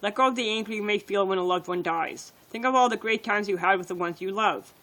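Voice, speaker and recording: A woman's voice: medium pitch, quick pace, a bit bright, rough recording. A woman reading her own poems on a livestream, in plain and earnest short sentences.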